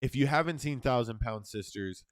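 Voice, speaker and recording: A man's voice: mid-range voice, normal speed, no echo, clean studio sound. A man co-hosting a casual podcast chat, loose and profane, steering the talk with a slightly tired throat. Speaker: podcast co-host.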